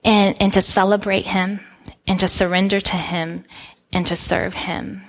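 A woman's voice: medium pitch, unhurried. Woman preaching a storytelling sermon. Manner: warm storytelling, relaxed, frequent restarts. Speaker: pastor.

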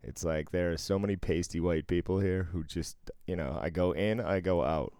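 A man co-hosting a podcast, telling stories in a casual, animated way and swearing freely. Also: low voice, moderate pace, smooth, dry recording, studio quality. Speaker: podcast co-host. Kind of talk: casual chat. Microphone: close podcast mic.

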